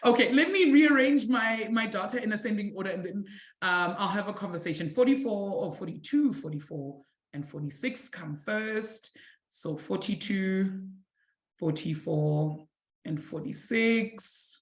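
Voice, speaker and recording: A woman's voice: medium pitch, animated, unhurried. Encouraging woman maths teacher, roomy sound. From South Africa. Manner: warm, encouraging, calls students "my sweetie". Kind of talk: live online maths lesson.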